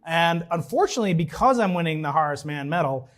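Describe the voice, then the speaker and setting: Man, from Long Island, commencement speaker, fairly high voice, joking asides, restarts. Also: animated, fast talker, fairly bright tone. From New York, Long Island. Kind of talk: ceremonial speech. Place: large ceremony venue.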